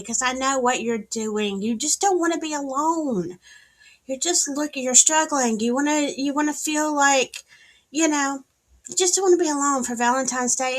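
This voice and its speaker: Southern woman streamer, unhurried, lively pitch, bright voice, sassy chat. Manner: chatty, greets viewers by name, sassy asides. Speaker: livestream host. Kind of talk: casual livestream chat. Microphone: streaming setup, wired in.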